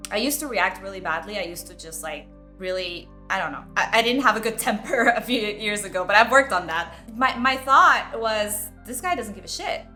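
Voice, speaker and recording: Bright-voiced chatty woman vlogger. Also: medium pitch, normal speed, soft background music. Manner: candid, chatty, heavy use of "like". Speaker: self-development video host. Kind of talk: casual personal storytelling.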